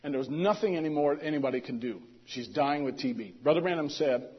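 Guy preaching, telling a story, kinda husky, muffled lo-fi audio. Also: on the high side, fast. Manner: animated retelling, swings from loud emphasis to hushed asides. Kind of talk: storytelling sermon.

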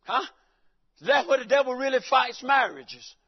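A high-voiced man preaching in a church with a folksy, joking manner, calling out to his listeners and breaking into shouts. The recording sounds dull and lo-fi. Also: animated, moderate pace, slightly rough. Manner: folksy, joking, calls out to the congregation. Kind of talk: sermon.

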